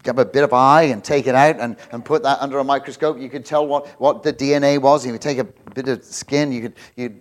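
A man's voice: medium pitch, steady tone, a little fast, hardly any pauses. A man giving an informal, jokey sermon, rambling with many restarts. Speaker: visiting preacher.

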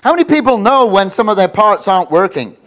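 A man's voice: high-pitched, big pitch swings, quick pace, fairly bright tone. A man giving an informal, jokey sermon, rambling with many restarts. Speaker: visiting preacher.

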